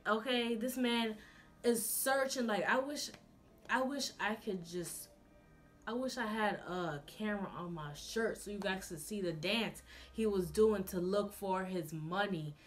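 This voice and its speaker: A woman's voice: medium pitch, measured pace, soft background music. Sassy young woman telling a story. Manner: sassy, animated storytelling, talks to viewers as friends. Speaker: vlogger. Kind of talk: storytime vlog.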